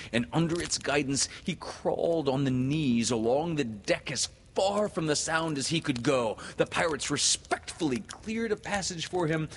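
A man reading a classic children's story aloud in a slow, hushed, dramatic manner, then thanking listeners. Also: fairly high pitch, slightly rough.

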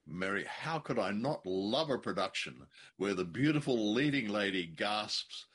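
A man's voice: on the low side, lively intonation, unhurried, hardly any pauses, fairly bright tone, breathy edge. A man co-hosting a podcast, chatting casually with a wry, joking manner. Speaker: podcast co-host. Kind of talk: casual chat.

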